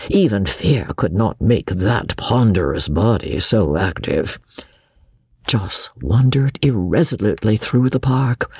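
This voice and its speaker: A man narrating a classic novel as an audiobook, reading in an expressive storyteller's manner. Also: medium pitch, husky, no echo, studio quality.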